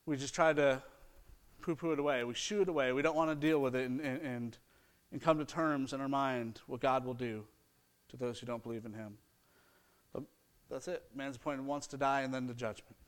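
A man's voice: mid-range voice, fairly even intonation, a little fast. A middle-aged man preaching an earnest sermon, reading scripture aloud and building to emphatic points. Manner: earnest preaching with rising emphasis and mocking quoted excuses. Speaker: pastor.

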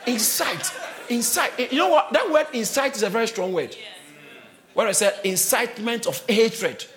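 A man preaches to his church in a strikingly high, bright voice. He spells words out and explains them, and he rises into shouts and laughter as he presses his point. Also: animated, moderate pace, a faint crowd. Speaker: pastor. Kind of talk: sermon.

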